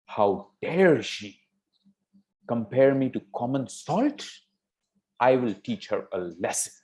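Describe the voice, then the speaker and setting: A man's voice: lowish voice, measured pace, a little mellow, close to an everyday voice. A man playing a vain, pompous old king. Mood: outraged. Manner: boastful, demanding. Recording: dull lo-fi sound.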